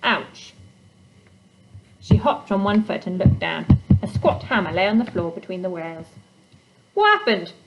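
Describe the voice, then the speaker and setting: A woman's voice: on the low side, a little fast, lo-fi sound, very noisy. Woman reading a storybook aloud. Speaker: reader.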